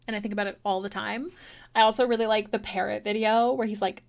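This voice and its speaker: A woman's voice: medium pitch, steady tone, a little fast. A woman artist chatting casually with her viewers while drawing on a livestream, encouraging, laughing easily and swearing now and then. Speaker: artist streamer.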